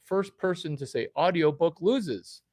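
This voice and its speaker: Slow-talking guy rambling at his viewers, keeps quizzing them and hopping topics, dry close sound. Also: on the high side, expressive, darkish tone, dry recording. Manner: erratic, quizzing, jumps between topics. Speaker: vlogger addressing viewers. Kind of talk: rambling direct-to-camera monologue.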